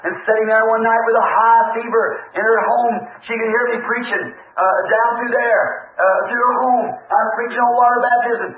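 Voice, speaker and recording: A man preaching a storytelling sermon, folksy and animated, acting out the voices in his stories. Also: very high-pitched, normal speed, few pauses. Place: church. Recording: old tinny phone-like recording in an echoey church.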